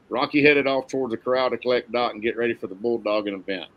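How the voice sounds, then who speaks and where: Man reading a western novel out loud, steady and plain. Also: medium pitch, fast talker, highs cut off. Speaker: narrator.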